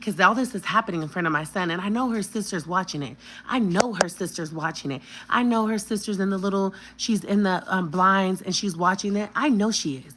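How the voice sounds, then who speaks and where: A woman's voice: lowish voice, fairly bright tone, slight background noise, low-quality recording. A woman in her thirties telling a personal story on a vlog, blunt and emphatic with plenty of cursing.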